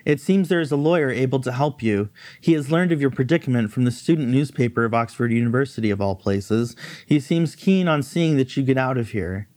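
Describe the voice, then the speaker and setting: A man's voice: fairly quick, few pauses, darkish tone, no echo. A man reading his novel aloud, raising his voice for characters' lines. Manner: pitches voice up for the female characters' lines.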